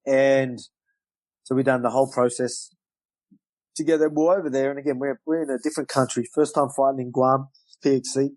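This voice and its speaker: A man telling a fight story in a casual interview, animated and loose, acting out what people said. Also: mid-range voice, fairly quick, no echo, rough recording. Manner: animated storyteller, loose swearing, acts out quotes. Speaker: guest, professional fighter.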